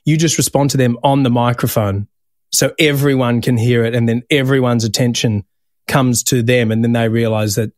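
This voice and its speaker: A man's voice: medium pitch, normal speed, dry recording, clean studio sound. A man hosting a podcast, telling stories in casual chat and swearing freely. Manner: animated storytelling, swears casually. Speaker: podcast host.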